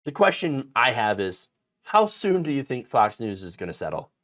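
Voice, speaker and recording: A man's slightly bright, sing-song voice carries indignant, emphatic political commentary at normal speed. His pitch swings widely when he stresses words, and his speech is full of fillers and restarts.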